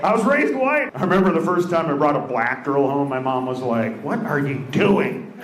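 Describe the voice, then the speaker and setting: A man doing a stand-up routine and teasing the audience, delivering punchlines deadpan on a comedy club stage with a handheld mic. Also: on the high side, brisk, very noisy. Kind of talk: stand-up routine with crowd work. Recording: roomy club with loud audience laughter.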